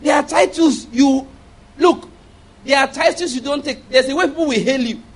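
A man with a notably high voice delivers a sermon. He drives his points home with repeated phrases and call-and-response questions like "It is by what?", pressing the listeners hard. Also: moderate pace. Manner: repeats key phrases for emphasis. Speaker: preacher.

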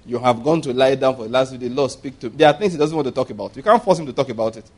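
A man preaching a sermon in a humorous, conversational way. He chuckles at his own jokes and jumps up in pitch to stress a point. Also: rapid-fire. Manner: animated, jumping up in pitch for emphasis.

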